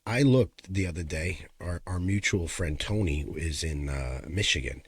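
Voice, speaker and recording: Low-voiced New York man, animated storyteller. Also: moderate pace, husky, no room sound. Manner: animated storyteller, playful ribbing. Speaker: podcast co-host. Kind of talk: casual chat. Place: podcast studio. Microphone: studio microphone.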